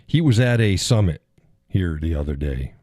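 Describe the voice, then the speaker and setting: Man host, very low and mellow voice, rambling casual livestream chat with frequent chuckles. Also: animated, normal speed, dry recording, studio quality. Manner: rambling, chuckles often, answers chat viewers. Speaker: live stream host.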